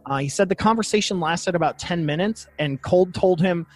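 A man's voice: sits high, normal speed, hardly any pauses. Chatty man co-hosting a podcast. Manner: chatty, reads quotes aloud, laughs easily. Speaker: podcast co-host. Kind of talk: casual chat about paranormal lore.

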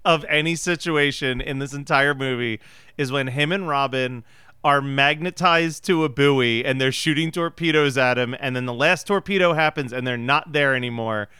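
A man's voice: a little high, moderate pace, bright, forceful tone, smooth, no echo, studio quality. A man co-hosting a casual movie podcast, laughing often and acting out lines in mock-dramatic voices. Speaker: podcast co-host. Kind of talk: casual movie review chat.

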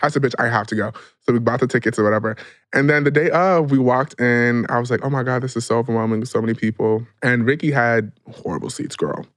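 A man's voice: mid-range voice, fairly even intonation, quick pace, no room sound. A man from New York co-hosting a podcast, with a mid-range voice. He chats in a casual, slangy, dramatic way, and the recording is dry and close. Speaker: podcast co-host. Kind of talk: casual chat.

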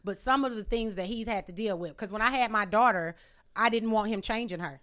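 A woman's voice: medium pitch, a little fast, a bit bright. A woman in her thirties, a guest comedian, telling personal stories in casual, candid, profane chat. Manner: candid, profane, laughing storytelling.

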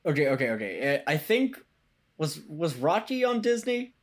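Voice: medium pitch, very animated, moderate pace. A podcast co-host making wry remarks and laughing often in casual chat about a show.

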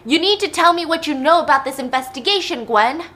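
A woman's voice: sits high, expressive, a little slow, pitched above the performer's own voice, heavily acted. A woman doing a furious drunken dad. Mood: furious yelling. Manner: yelling, threatening. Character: abusive drunken father, middle-aged man, furious.

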